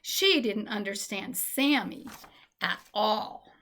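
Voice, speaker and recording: A woman reading a children's storybook aloud in a gentle, expressive way. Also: mid-range voice, slow, a little hiss or hum.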